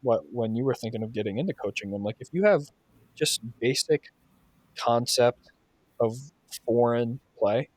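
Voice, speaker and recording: A man's voice: medium pitch, moderate pace, a little mellow, no room sound. Swearing man ranting about coaching. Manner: profane, heated storytelling. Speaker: podcast host and soccer coach. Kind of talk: casual podcast chat.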